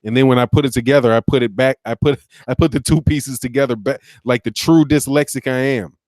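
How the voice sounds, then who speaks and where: A man's voice: medium pitch, fairly even intonation, fairly quick, darkish tone, dry recording, studio quality. A man hosting a casual boxing talk stream, rambling conversationally, restarting sentences and reading out viewer comments. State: sleepy, yawning. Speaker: boxing channel host.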